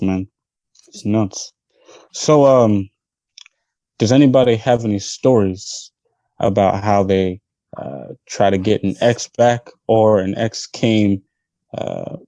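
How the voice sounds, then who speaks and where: Podcast panelist, man, lower voice, mellow tone, dry close sound. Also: a little slow, no room sound, poor audio. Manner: relaxed, asks the group questions. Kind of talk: casual chat.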